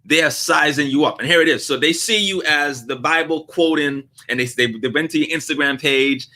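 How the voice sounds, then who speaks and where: A man hosting a live question-and-answer show, talking in an animated, joking way and laughing often. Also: a little high, brisk, few pauses. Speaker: host.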